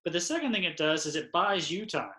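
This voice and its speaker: A man's voice: on the high side, expressive, a little fast, sharp tone. Man explaining refereeing in an echoey room. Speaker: lacrosse official trainer. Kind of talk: instructional talk. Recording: roomy echoey recording.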